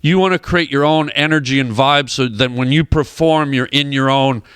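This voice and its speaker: Smooth-voiced man telling a story. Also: medium pitch, normal speed, no echo. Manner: animated storyteller who acts out quoted voices. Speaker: guest comedian. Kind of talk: casual anecdote on a radio talk show. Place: radio studio. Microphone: studio microphone.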